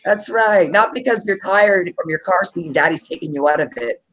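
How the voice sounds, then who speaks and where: Animated woman telling stories. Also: on the low side, a little fast, faint music behind, poor audio. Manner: animated storyteller, acts out quotes, laughs a lot. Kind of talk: casual chat.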